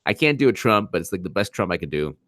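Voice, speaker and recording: Animated rambling male livestreamer. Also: sits low, quick pace, no echo, studio quality. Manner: laughs while reading chat. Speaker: livestream host. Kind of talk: casual political commentary livestream.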